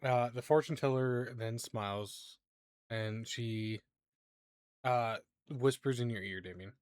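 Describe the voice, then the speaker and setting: Slow, halting game master man. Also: mid-range voice, clear, resonant tone, dry recording, studio quality. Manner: halting narration with many fillers, laughs easily. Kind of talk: narrating a tabletop game.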